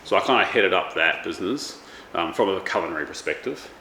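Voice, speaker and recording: A man's voice: deep voice, lively intonation, brisk, bright, forceful tone. A man in his thirties, a chef chatting casually in a rambling way, full of ums and restarts. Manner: rambling, many fillers and restarts. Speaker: chef and vlogger. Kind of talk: casual chat. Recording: echoey room with faint background noise.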